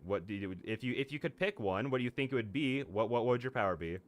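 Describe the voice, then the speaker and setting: A young adult man streaming a casual visual novel read-aloud, excitable and goofy, rambling through asides and narration. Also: medium pitch, fast.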